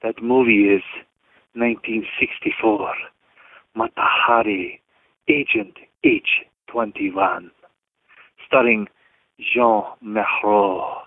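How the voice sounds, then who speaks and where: A man's voice: fairly low pitch, expressive, slow pace, pauses often, no echo. Man on a voicemail in a hammy accent. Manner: hammy put-on foreign accent, slipping in and out; sings snatches of a song. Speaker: caller leaving voicemail feedback. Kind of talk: voicemail feedback. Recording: tinny phone line voicemail.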